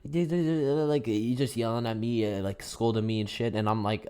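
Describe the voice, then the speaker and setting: A man's voice: mid-range voice, fairly even intonation, moderate pace, hardly any pauses, a little mellow, clear, resonant tone. A teenage boy telling a story in a casual, swearing way, laughing as he goes. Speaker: gaming youtuber. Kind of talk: storytime narration over gameplay.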